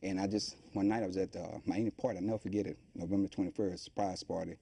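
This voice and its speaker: A man's voice: low voice, rapid-fire, gravelly, husky. A middle-aged man being interviewed about his life, telling it in a loose, rambling way and acting out the voices of the people in it. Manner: animated storytelling, acting out quoted voices; loose, rambling colloquial speech. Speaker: guest.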